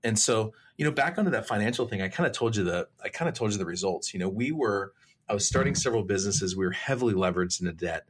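A man, guest on a Christian talk show, telling stories and personal testimony in an animated way, with many restarts. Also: fairly low pitch, fast talker, breathy edge. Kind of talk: faith talk show storytelling.

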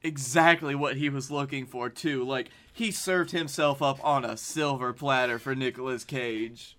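A man from Alabama co-hosting a comedy podcast, tossing in dry, deadpan asides. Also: mid-range voice, unhurried. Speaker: podcast co-host. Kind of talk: casual comedic chat.

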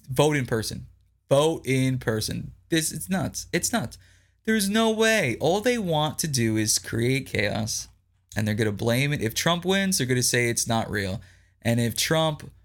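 A man's voice: a little high, a bit bright. A man hosting a political commentary podcast, reading news aloud and reacting in an incredulous, ranting way, repeating lines for emphasis.

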